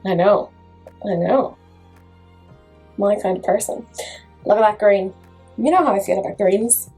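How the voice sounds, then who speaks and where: A woman's voice: mid-range voice, a little slow, a little mellow, slightly rough, soft background music, poor audio. A woman chatting casually through a makeup review, full of self-mocking jokes. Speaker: makeup vlogger.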